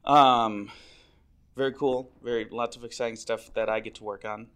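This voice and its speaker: A man's voice: medium pitch, fairly even intonation, moderate pace, a bit bright, clean tone. A man, an editor, chatting casually on a podcast, self-deprecating and full of fillers and restarts. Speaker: website editor. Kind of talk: casual chat.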